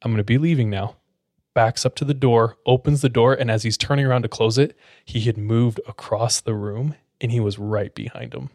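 A man hosting a podcast, casually telling a scary story in a relaxed way and filling his speech with "like". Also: mid-range voice, normal speed, few pauses, no echo, clean studio sound. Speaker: podcast host.

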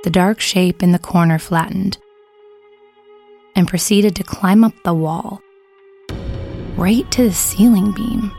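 A woman narrating a first-person horror story with a measured, brooding delivery. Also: medium pitch, vocal fry, warm tone, soft background music.

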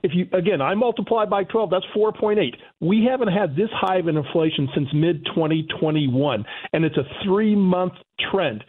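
An emphatic man with a high, husky voice, heard over a tinny phone line. He lectures in an indignant, insistent tone as a guest on talk radio. His delivery is forceful and pointed throughout. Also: expressive, normal speed, few pauses. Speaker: economist guest.

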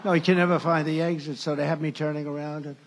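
A man's voice: on the high side, level tone, fast, very noisy. A male candidate giving a campaign rally speech, rambling and sarcastic, often breaking off mid-sentence to restart. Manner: rambling, sarcastic, with self-interruptions. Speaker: presidential candidate.

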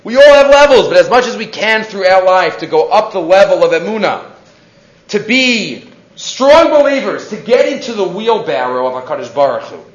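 A man's voice: sits high, moderate pace. A man teaching a Torah class, telling stories and acting out the people in them. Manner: animated, acts out quoted characters. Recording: roomy, dull lo-fi classroom recording.

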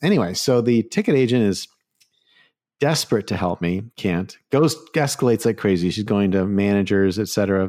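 A man in his forties tells a travel story in a casual, rambling monologue. His voice sits a little low, and he restarts often, tossing in fillers and small laughs as he goes. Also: normal speed, darkish tone, no room sound, clean studio sound. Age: 40s. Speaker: podcast host.

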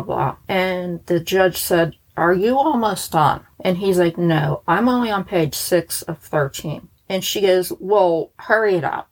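A woman's voice: fairly low pitch, low-quality recording. A woman from the United States telling a true crime story in a casual, chatty way, blunt and sarcastic.

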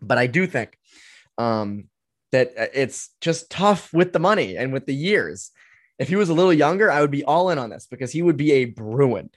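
Hosting a sports podcast, this twenty-something man speaks at normal speed with a medium pitch and animated delivery, working through hockey team analysis casually and with many filler words. The recording is dry and clean, studio grade.

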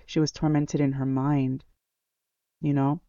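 A man's voice: on the high side, little pitch movement, measured pace, dark tone, clean tone, no room sound. A man hosting a devotional podcast, reflecting on a Bible passage in an earnest way, repeating key phrases with many fillers and restarts. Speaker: podcast host. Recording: dull, lo-fi, dry sound.

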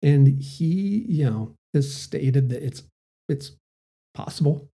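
Male podcast host, casual rambler with a deep mellow tone. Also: animated, takes it slowly, creaky, husky. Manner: casual and rambling, many "you know" fillers. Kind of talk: solo podcast monologue.

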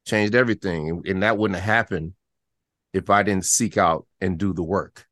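A man, an actor and guest, telling animated stories in a casual interview, sometimes dropping to a near-whisper to make a point. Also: low-pitched, normal speed, no room sound. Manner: animated, storytelling, drops to a hush to demonstrate.

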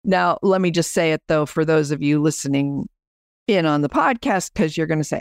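Smooth-voiced woman podcast coach. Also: low voice, animated, normal speed, no echo, clean studio sound. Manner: chatty, guiding listeners through exercises. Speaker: podcast host and business coach. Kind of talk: explaining a program on a podcast.

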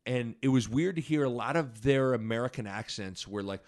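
A man's voice: medium pitch, darkish tone. A man hosting a casual sports podcast over wine, rambling through his points, cutting himself off and restarting often. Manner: rambling, self-interrupting, quick to apologize and restart. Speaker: podcast host.

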